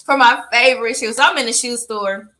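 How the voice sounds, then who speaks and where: A woman with a high, bright voice tells a story. She is animated, laughs often and acts out the lines of the people in her story. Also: brisk. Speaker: podcast co-host. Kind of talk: casual chat, storytelling.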